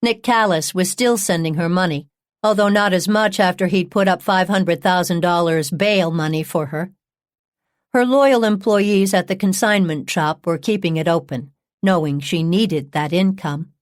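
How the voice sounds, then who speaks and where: A woman with a fairly low voice narrates a true-crime audiobook at a measured, even pace. The recording is dry and close, with no room sound. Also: no echo.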